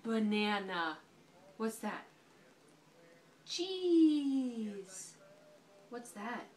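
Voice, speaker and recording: A woman reading a picture book to a toddler in a home video, speaking slowly and encouragingly, with frequent excited gasps, at home. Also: on the high side, slight background noise. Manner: slow, sing-song and encouraging, with frequent gasps.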